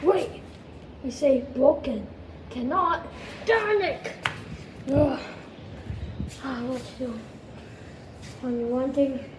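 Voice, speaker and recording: A woman narrating her own game play, swinging from hushed murmurs to excited squealing shouts. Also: sits high, slow, long pauses, background noise. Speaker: game player.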